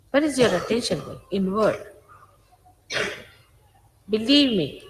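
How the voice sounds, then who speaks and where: A woman, a spiritual teacher, gives an informal, emphatic sermon, admonishing her followers. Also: high voice. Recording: echoey hall with faint hiss.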